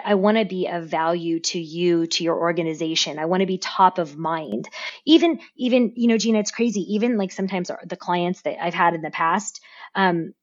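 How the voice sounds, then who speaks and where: A woman speaking as a podcast guest in casual interview talk, animated and given to repeating words as she tells her story. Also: lowish voice, muffled recording. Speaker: podcast guest, business owner.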